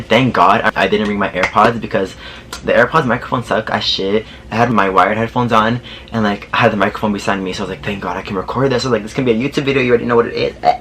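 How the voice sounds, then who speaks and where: A young man telling a story to camera in a casual vlog, sassy and animated, swearing freely and laughing often. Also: fairly low pitch, slight background noise.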